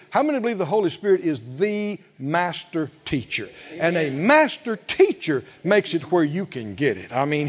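A middle-aged male preacher delivering a sermon, acting out quoted conversations with humor. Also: sits high. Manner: animated, acts out quoted dialogue with humor. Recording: dull lo-fi sound with long hall reverb.

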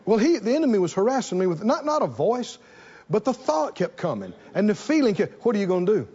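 A man preaching a sermon to a congregation, animated and repeating phrases for emphasis. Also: high voice, brisk, breathy edge, lo-fi sound. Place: church in front of a congregation.

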